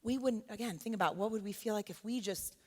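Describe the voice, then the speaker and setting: A woman's voice: mid-range voice, fast talker, dark tone. A woman who teaches college gives an earnest, conversational church talk and keeps checking in with her listeners. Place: church sanctuary. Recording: long church hall reverb.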